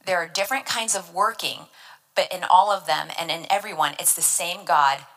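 Woman, devotional Bible teacher, earnest and emphatic; lowish voice with a bright, forceful edge. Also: moderate pace, rough recording. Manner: earnest, emphatic, explains scripture word by word.

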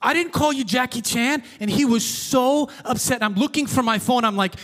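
A male pastor preaching an emphatic sermon in a church, with frequent repetition and swings between loud and soft. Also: very high voice, moderate pace. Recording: long hall reverb.

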